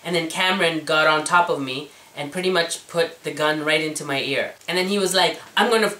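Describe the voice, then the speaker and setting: A man's voice: on the high side, steady tone, fairly quick, bright, forceful tone, recorded from a distance. A man in his forties with a girly, whiny voice, vlogging a self-deprecating, chatty story. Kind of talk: storytelling vlog. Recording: echoey room, away from the mic.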